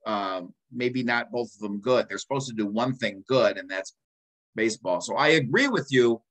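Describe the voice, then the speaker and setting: A man's voice: medium pitch, lively intonation, moderate pace, a bit bright, poor audio. Rambling man in his sixties. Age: 60s. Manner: rambling, many ums and uhs, self-interrupting. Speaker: podcast co-host. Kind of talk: casual chat.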